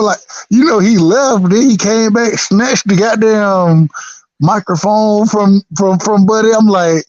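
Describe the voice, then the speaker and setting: A man's voice: high-pitched, a little slow, darkish tone, no echo. A man from the United States, chatting casually about boxing in a laid-back, profane way and repeating himself a lot. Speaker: boxing podcast co-host. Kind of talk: casual chat. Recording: dry, slightly dull sound.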